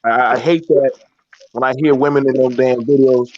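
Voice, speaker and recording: A man telling stories in a casual chat, profane and animated, laughing often. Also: medium pitch, moderate pace. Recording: dull lo-fi sound, faint hiss.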